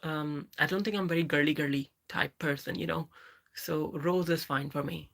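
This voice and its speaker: A trans woman in her thirties hosting a live Q&A, reading viewer comments aloud and greeting people by name in a halting, self-correcting way. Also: deep voice, fairly even intonation, creaky, a bit bright. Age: 30s. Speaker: livestream host.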